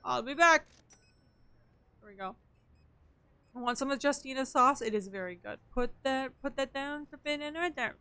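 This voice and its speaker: A young woman streamer chatting to her viewers as she plays. Her voice sits a little high and sounds bright and lively. She keeps up a casual patter, trailing off into muttered counts and item names. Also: normal speed, long pauses, clear, resonant tone. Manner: chatty, muttering counts and items while playing. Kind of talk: casual gameplay streaming chat.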